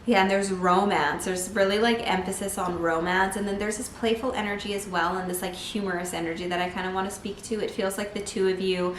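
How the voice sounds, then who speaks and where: A woman giving a casual tarot reading to camera, chatty and full of "like", breaking into excited bursts now and then. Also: mid-range voice, fairly quick, few pauses, slight background noise. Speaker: tarot reader. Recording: echoey room.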